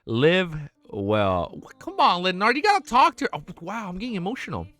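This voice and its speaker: This young man's voice sits high and sing-song, pushed and bright, and he talks fast in a recording with no room sound. Streaming a web novel reading, he stops repeatedly to rave about it, swearing and saying "dude" over and over.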